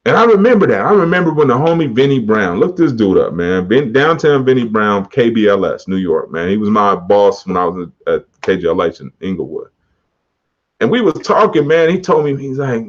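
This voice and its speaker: A man's voice: lowish voice, lively intonation, a little fast. A man hosting his own podcast, talking casually and motivationally in slang, often laughing. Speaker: podcast host. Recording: dull muffled podcast audio.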